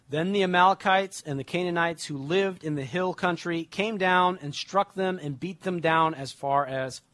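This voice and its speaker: A young adult man preaching, reading scripture slowly and then explaining it in casual everyday words. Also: on the high side, a bit bright, dry recording.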